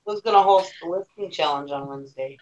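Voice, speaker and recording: A woman's voice: lowish voice, fast talker, a little mellow. Teasing, chatty woman on lo-fi call audio. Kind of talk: casual group chat. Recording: dull lo-fi call audio with faint noise.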